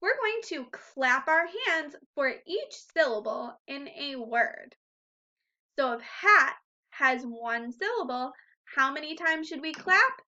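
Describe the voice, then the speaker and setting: A woman with a high, bright voice leads a recorded phonics lesson for first graders. She speaks slowly and patiently, encouraging the children as she goes. The recording sounds a bit dull and lo-fi. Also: sing-song. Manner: slow, patient, encouraging teacher talk to young children.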